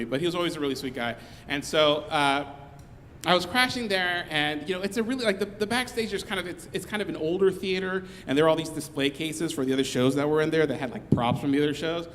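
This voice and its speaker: A man telling a comic story live on stage, rambling along with restarts and quick asides. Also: fairly high pitch, a bit bright, in a large hall, a little hiss or hum.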